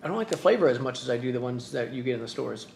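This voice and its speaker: A man's voice: mid-range voice, expressive, very fast, creaky, darkish tone. A man co-hosting a casual snack taste-test, giving blunt opinions and light jokes. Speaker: vlog co-host. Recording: echoey room with faint noise.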